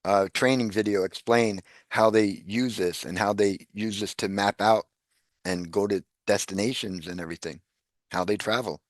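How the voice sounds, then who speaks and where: A man chatting casually as a podcast guest, animated, laughing often and repeating words as he talks. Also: fairly low pitch, moderate pace, no room sound, studio quality.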